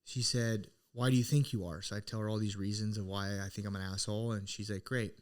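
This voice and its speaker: A middle-aged man on a podcast, one of its co-hosts, talks fast in a fairly low, steady voice. He relates a personal story with earnest, easygoing reflection, breaking off and beginning again many times.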